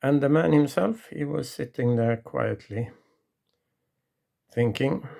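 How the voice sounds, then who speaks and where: Storyteller, man, gravelly and unhurried, halting delivery. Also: medium pitch, dark tone. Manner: halting, with restarts and pauses. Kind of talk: retelling a true story from memory.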